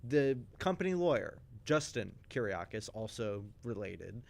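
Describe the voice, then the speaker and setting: A man in casual chat, recapping soap opera plot twists for a stream with animated storytelling, frequent restarts and asides. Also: medium pitch. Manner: acts out characters' lines in quick voices.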